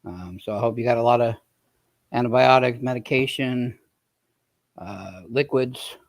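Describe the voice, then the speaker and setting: A man's voice: mid-range voice, unhurried, vocal fry. A man hosting a casual livestream chat, greeting viewers by name, tired and in pain. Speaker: livestream host.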